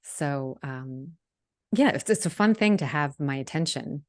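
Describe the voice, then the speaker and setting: A woman hosting a casual, reflective conversation, asking gentle questions and musing thoughtfully. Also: deep voice, lively intonation, unhurried. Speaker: podcast host.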